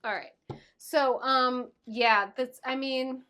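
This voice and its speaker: A woman's voice: sits high, steady tone, slow pace, sharp tone, clean tone. A woman in her thirties giving a casual tarot reading to camera, talking in an affectionate, gushing way. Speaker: tarot reader.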